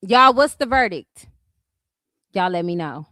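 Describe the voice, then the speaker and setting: A woman's voice: mid-range voice, animated, a little slow, pushed and bright, dry recording. A woman from California with a Californian accent, ranting bluntly and profanely at trolls on her commentary vlog. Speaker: YouTube commentary host.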